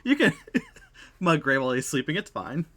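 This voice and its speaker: Super low voiced woman razzing the other players, laughing a lot. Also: sing-song, normal speed, fairly bright tone. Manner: teasing, laughing banter. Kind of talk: casual chat at a tabletop game.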